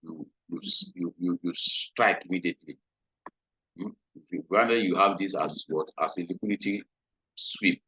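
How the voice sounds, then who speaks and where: A man with a low, bright, forceful voice and a breathy edge talks at normal speed, giving a screen-share trading lesson. He repeats his points and checks in often with "hmm?". The recording is dry, dull and lo-fi.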